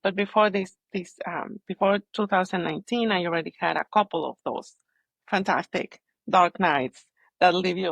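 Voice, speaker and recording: A woman guest on a podcast, a holistic healer, telling her story in candid conversation, halting and searching for words but earnest. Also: fairly low pitch, vocal fry, fairly bright tone, no echo.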